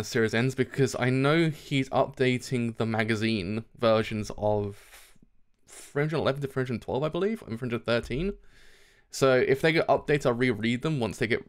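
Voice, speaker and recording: A young man at a home streaming setup, reacting live to a manga with loud enthusiasm. He swears a lot and breaks into laughter often, in a mid-pitched voice of ordinary range.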